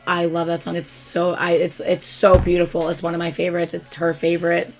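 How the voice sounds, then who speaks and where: A young woman hosting a casual live stream, telling a story excitedly and swearing freely. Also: lowish voice, fairly quick, soft background music. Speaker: host.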